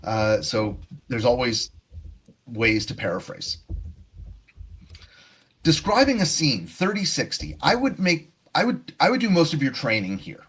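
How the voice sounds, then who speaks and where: A man's voice: mid-range voice, wildly swooping pitch, measured pace, pauses often, a bit bright, husky. A man teaching a live online test prep lesson, explaining tasks and acting out sample answers. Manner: explanatory, demonstrative.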